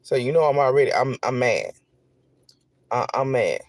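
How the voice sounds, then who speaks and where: A man content creator telling an animated, repetitive storytime straight to his viewers. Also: mid-range voice, normal speed, no echo. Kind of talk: storytime vlog.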